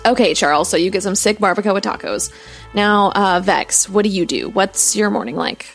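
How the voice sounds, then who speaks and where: A chatty woman with a Southern US accent runs a tabletop game. Her voice sits at a middling pitch and she talks playfully, with soft music faintly in the background. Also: moderate pace, vocal fry. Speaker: game master.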